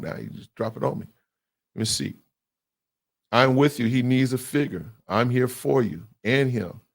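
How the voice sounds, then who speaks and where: A man's voice: medium pitch, vocal fry. A man hosting a call-in radio show, talking in an emphatic, preachy way.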